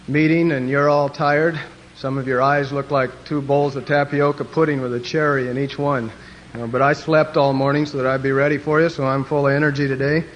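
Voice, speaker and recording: Man from wyoming, pastor, joking storyteller, slightly high voice, dull old archive tape with faint hiss. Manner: joking storyteller who slips into character voices. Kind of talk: humorous speech to a youth conference.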